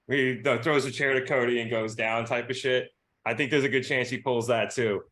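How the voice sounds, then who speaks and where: A young man with a medium-pitched voice co-hosts a wrestling podcast, chatting casually. He gets excited easily, laughs quickly, and often starts his sentences over.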